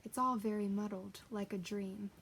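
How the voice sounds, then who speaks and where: A woman reads aloud as a gentle old horse who muses slowly, as if half remembering. It stays near her own voice with a faint hiss behind. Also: medium pitch, fairly even intonation, gravelly. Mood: musing. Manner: slow, musing. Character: gentle old cab horse, slow and thoughtful.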